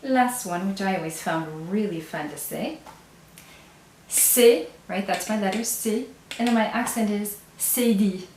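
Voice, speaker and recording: A woman's voice: mid-range voice, a little slow, a little mellow, echoey room, slight background noise. A woman teaching a language lesson patiently, step by step, often checking in with the learner. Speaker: French teacher.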